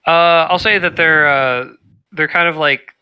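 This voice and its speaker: A man's voice: fairly high pitch, a little slow, sharp tone, slight background noise, low-quality recording. A man running a tabletop game as game master, laid-back and hesitant, with plenty of fillers.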